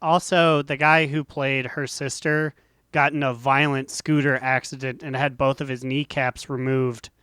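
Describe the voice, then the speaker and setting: A man co-hosting a casual gaming podcast, making deadpan absurd jokes. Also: medium pitch, measured pace, clear, resonant tone, dry recording, studio quality. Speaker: podcast co-host. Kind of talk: casual chat.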